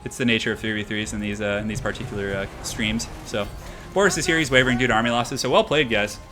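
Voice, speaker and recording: A young man giving loose, slangy live-stream commentary over a strategy battle, his voice bright and forceful, a little tired and out of breath. Faint game music plays under him. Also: lowish voice, quick pace. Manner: excitable, chatty, slangy.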